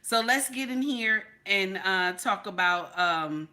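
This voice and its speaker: A woman's voice: medium pitch, expressive, slow pace, pushed and bright. A woman vlogger chatting casually on a live stream, repeating herself and talking straight to her chat viewers. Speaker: vlogger reacting to videos and chat.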